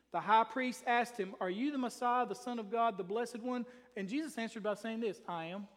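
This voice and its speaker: Man, pastor, emphatic sermon, reads scripture aloud, high voice, long hall reverb. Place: church sanctuary.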